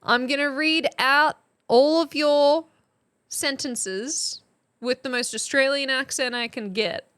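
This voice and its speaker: On her live stream, a young woman with a high voice leads a pretend lesson at a slow pace. She keeps it light and chatty, with frequent laughter and excited exclamations.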